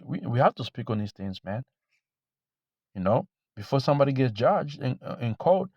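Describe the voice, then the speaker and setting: A man preaching informally to camera, blunt and profane, repeating himself and reading scripture slowly. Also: mid-range voice, a little mellow, dry recording, highs cut off. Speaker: religious teacher.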